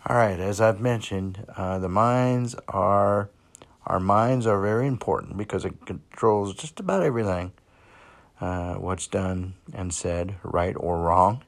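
A man hosting a motivational podcast, talking slowly and plainly with many fillers. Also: low-pitched. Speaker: podcast host.

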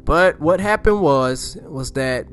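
A man's voice: on the high side, expressive, slow pace, over music. Rambling man retelling a movie scene. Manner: rambling, repeats himself, slangy asides. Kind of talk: casual storytelling.

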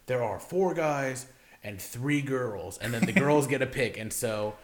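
A man's voice: medium pitch, a little slow, crowd noise. A young man co-hosting a podcast in casual chat, rambling and swearing freely with lots of "like". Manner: rambling, swears a lot, leans on "like". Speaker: podcast co-host.

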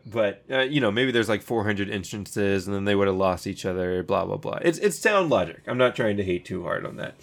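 A man casually recapping a show for co-hosts, rambling and swearing freely with frequent laughs. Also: mid-range voice. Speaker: podcast co-host recapping an anime. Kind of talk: casual chat.

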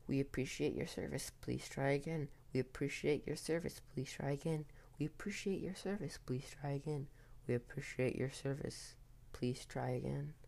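A man's voice: medium pitch, moderate pace, gravelly, darkish tone, lightly acted. A man reading a spooky story, voicing mocking ghostly voices that repeat a phrase in an eerie whisper. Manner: whispered, repetitive chant.

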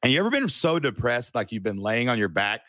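A man's voice: mid-range voice, a little fast, no room sound. Earnest man telling a story, dry sound. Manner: animated, earnest, folksy storyteller. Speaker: podcast guest. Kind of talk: casual storytelling.

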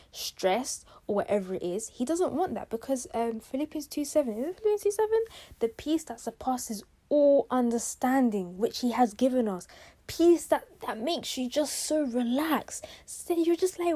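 Young woman, podcast host, animated and slangy, casual faith chat. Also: on the high side. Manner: animated, chatty, slangy and emphatic. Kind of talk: casual faith-based self-care talk.

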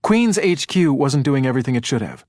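A tense, sharp-tongued woman detective, as a male audiobook narrator puts her on, firing off clipped, blunt lines in a raised voice. The sound is dry and close, with no room around it. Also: mid-range voice, normal speed, dry recording, voice pushed up, close to an everyday voice. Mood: irritated.

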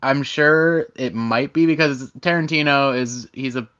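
A man's voice: medium pitch, a little slow, a bit bright, clean tone. A man chatting casually as a podcast co-host, easygoing and agreeable. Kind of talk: casual film review chat. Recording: dull lo-fi audio.

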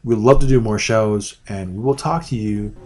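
A man's voice: on the low side, darkish tone, soft background music. Rambling man reviewing movies. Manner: rambling, halting restarts. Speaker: podcast co-host. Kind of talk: casual movie review chat.

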